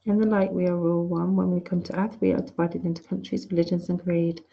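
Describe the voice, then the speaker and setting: Gravelly-voiced woman teaching online. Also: fairly low pitch, level tone, fairly quick, dark tone. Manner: chatty, frank, restarts phrases. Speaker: course teacher. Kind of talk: casual online lecture. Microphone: video call. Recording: dull lo-fi video call audio.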